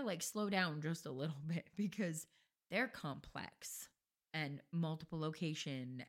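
A woman co-hosting a podcast in casual chat, blunt and chatty, swearing casually. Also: sits low. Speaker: podcast co-host.

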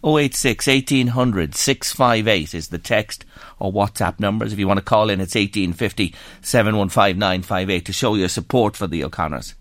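An Irish radio phone-in host speaks earnestly and sombrely into a studio microphone, reading out listener messages. His voice is on the low side and a bit bright, delivered at normal speed with few pauses. There's no room sound.

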